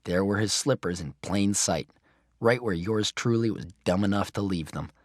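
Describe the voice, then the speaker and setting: A man reading a children's chapter book aloud in an expressive first-person narration. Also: on the low side, moderate pace, no room sound, clean studio sound. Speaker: audiobook reader.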